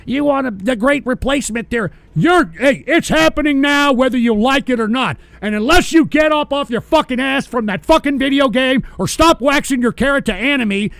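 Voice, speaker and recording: High-voiced man on a profane rant. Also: vocal fry, a bit bright, dry recording. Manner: profane, ranting, berating listeners. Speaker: host. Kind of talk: live-streamed political rant.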